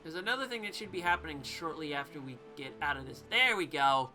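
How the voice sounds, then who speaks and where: A woman chatting playfully through a video game, explaining each step as she goes. Her voice is bright and animated, and faint game music plays underneath. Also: low-pitched, fast talker. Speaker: let's play host.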